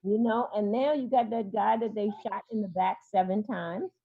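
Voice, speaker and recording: A woman therapist talks as an interview guest at an average pitch, hesitating often, filling gaps with "um" and starting phrases over. Her voice comes through a dull, lo-fi recording. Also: fairly even intonation, moderate pace. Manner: hesitant, many fillers and restarts. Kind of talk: interview talk.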